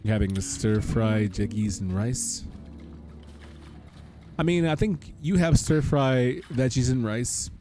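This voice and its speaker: A man's voice: medium pitch, lively intonation, takes it slowly, mellow. A man streaming a game, joking casually and chatting with viewers by name. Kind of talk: casual live-stream commentary. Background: game music.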